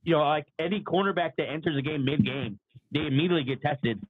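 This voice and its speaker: Man, casual sports chat, a bit hoarse, throat-clearing, slightly high voice, phone-like sound. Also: fast talker, a little hiss or hum. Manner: restarts, clears his throat often. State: slightly losing his voice. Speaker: podcast co-host. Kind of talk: casual sports talk livestream.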